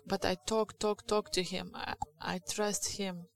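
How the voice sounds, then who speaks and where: A woman's voice: mid-range voice, flat delivery, measured pace, creaky, poor audio. A woman with a Lithuanian accent preaching a sermon in English, her second language, in a candid, confessional way with frequent halts and restarts.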